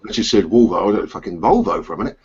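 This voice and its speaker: Crowd noise surrounds a lowish, rapid-fire voice with lively intonation: a Suffolk-accented man from England hosting a biker hangout over video call. He's chatty and rambling, full of fillers and restarts, on dull, lo-fi audio.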